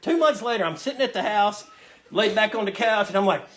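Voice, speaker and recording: A man's voice: high-pitched, lively intonation, a little fast, background noise. A man telling a humorous personal story to a meeting audience, acting out his own lines as he goes. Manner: storytelling, acts out his own quotes in a raised voice. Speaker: recovery meeting speaker. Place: meeting room with a live audience. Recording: audience laughter in the room.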